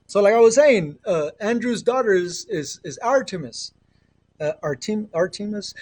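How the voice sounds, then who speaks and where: Rambling, earnest man with a high voice. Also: animated, normal speed, darkish tone. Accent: Mexican. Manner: rambling, earnest, often trails off and restarts. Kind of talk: casual spiritual livestream chat. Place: home with children nearby. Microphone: earbud headset.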